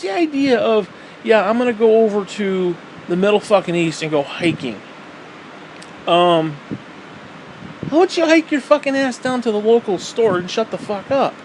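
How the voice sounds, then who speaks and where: High-voiced man on a profane rant. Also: noisy background. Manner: profane, exasperated ranting with sarcastic asides. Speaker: vlogger. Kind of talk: ranting opinion vlog.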